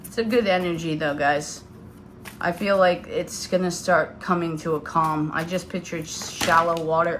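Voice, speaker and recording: A woman's voice: fairly low pitch, fairly even intonation, normal speed, fairly bright tone, a little hiss or hum. A woman in her thirties giving a casual tarot reading to her viewers, chatty and loose, with lots of fillers. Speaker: tarot reader.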